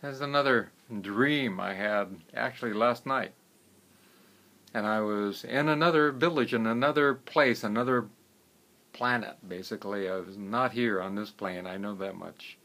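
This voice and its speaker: A herbalist telling stories in a casual, unhurried way, often trailing off into quieter phrases. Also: male voice, on the low side. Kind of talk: casual storytelling.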